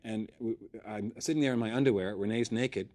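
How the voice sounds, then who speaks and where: A man from the US East Coast, a talk show guest who talks in a halting, wry way with many restarts. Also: fairly low pitch, warm tone, a little hiss or hum. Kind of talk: interview talk.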